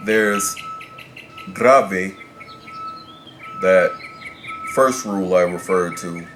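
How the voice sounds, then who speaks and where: Slow, deep-voiced man teaching Spanish. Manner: measured, repeats and rephrases explanations. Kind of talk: explanatory language lesson. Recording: clear background noise with birdsong. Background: birds chirping.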